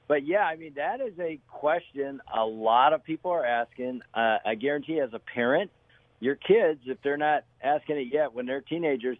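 An earnest middle-aged man and pastor, speaking in halting phrases full of fillers as he answers on a radio show. The sound is narrow and phone-like, with a very dry, close feel. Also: medium pitch, dry recording. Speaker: pastor and co-host. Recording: dry tinny phone-like line.

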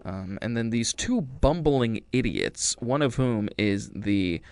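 Give me a man chatting loosely about a family film, wry and rambling, popping into silly voices for the characters. His voice is smooth and clear, recorded dry and close with no room sound. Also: mid-range voice, animated, slow, darkish tone, no echo. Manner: rambling, wry, acts out quotes. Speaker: movie reviewer. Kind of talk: casual chat.

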